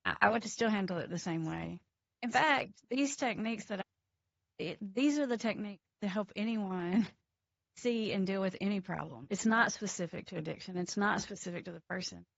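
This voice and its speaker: A woman counselor talking as a podcast guest, animated and emphatic, laughing between points. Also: mid-range voice, normal speed, creaky, dry recording, highs cut off. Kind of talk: casual interview chat.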